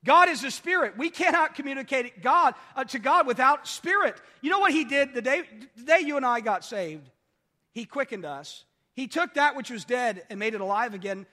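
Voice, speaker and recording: A man with a very high, bright, forceful voice delivers a sermon in a church. He repeats his key lines and checks in with the congregation as he goes. The sound rings with a long hall reverb. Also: expressive, normal speed. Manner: repetitive call-and-response preaching, asks "are you with me". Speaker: preacher.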